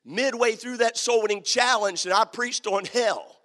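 Man preaching, bright tense voice, fervent and shouting at times, long hall reverb. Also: very high voice, normal speed. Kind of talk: sermon with storytelling.

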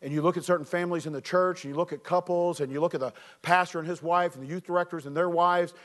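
A man preaching as a youth director, telling a story with animated shouts and earnest appeals. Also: fairly high pitch, quick pace. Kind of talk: sermon with personal storytelling.

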